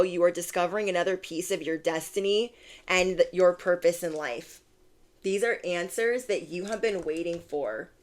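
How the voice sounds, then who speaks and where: Bubbly young woman doing a tarot reading. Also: fairly low pitch. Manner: bubbly, gushing, many "like"s and "oh my gosh". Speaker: tarot reader. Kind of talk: casual channeled reading to viewers.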